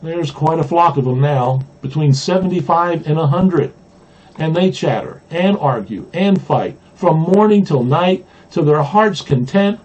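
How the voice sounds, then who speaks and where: A man from Mississippi, a pastor, reading a children's storybook aloud with gentle humor, in a dull lo-fi recording. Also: fairly high pitch, lively intonation, measured pace. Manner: gently humorous, chuckling at the jokes.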